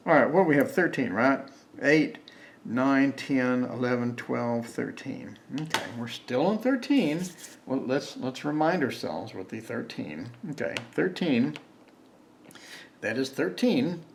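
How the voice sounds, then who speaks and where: A man's voice: medium pitch, slight background noise. Man muttering through a board game. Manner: thinks aloud, reads cards, counts dice, grumbles at bad luck. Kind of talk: solo playthrough commentary.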